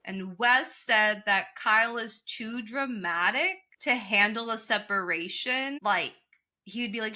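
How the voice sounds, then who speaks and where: Woman, podcast co-host, bright higher voice, animated, swears casually. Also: a little slow. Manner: animated, quotes people in put-on voices, swears freely. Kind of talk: casual chat recapping a reality show.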